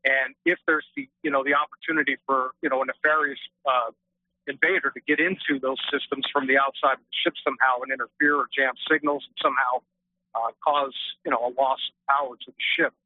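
Male caller, quick and hesitant, muffled phone-line sound. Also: medium pitch, fairly even intonation. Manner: hesitant, many fillers. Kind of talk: phoning in to a radio show.

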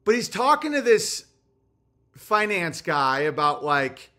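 Male comedian-streamer, high pitched, ranting and cursing, loud then muttering. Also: big pitch swings, slow pace. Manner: profane, ranting, swings from loud bursts to low muttering. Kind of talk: casual livestream monologue.

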